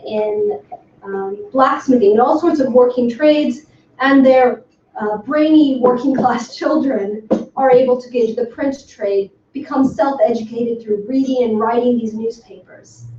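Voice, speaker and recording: A woman giving an academic talk to a workshop audience, speaking with enthusiasm and emphasis and filling pauses with frequent ums. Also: fairly high pitch, dark tone. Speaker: lecturer. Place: lecture room. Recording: far from the mic in an echoey room, dull and slightly noisy.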